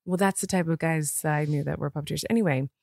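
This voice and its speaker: A woman's voice: low-pitched, quick pace, vocal fry, darkish tone, no room sound, studio quality. A woman co-hosting a podcast from bed at home, chatting casually with lots of "like" fillers and frequent laughter. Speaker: podcast co-host. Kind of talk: casual chat.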